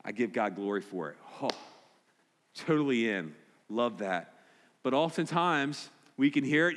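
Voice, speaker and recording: A man's voice: medium pitch, animated, a little slow, pauses often. A man preaching a sermon as pastor, direct and emphatic, repeating key points. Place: church sanctuary. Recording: long hall reverb.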